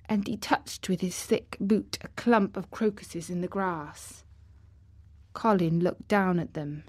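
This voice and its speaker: A woman reading a classic children's novel as audiobook narration, measured and steady. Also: lowish voice, husky. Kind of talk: scripted narration.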